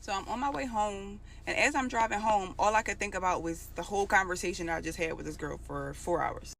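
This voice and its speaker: A woman's voice: medium pitch, brisk, creaky, fairly bright tone, slight background noise. Emotional woman telling a story. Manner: emotional, conversational retelling. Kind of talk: casual storytime.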